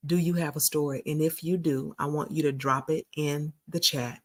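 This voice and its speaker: A woman's voice: low-pitched, steady tone, moderate pace. A woman hosts a casual live stream and talks straight to her viewers, calling them y'all. She tells a personal story in a loose, chatty way. She often repeats and restarts her phrases as she goes. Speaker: community founder and host.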